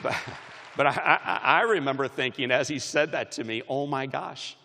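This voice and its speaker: A man giving a commencement speech, telling stories with animated shifts between loud and soft, recorded in a large arena. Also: mid-range voice, normal speed, long reverb tail, a faint crowd. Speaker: commencement speaker. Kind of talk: motivational speech.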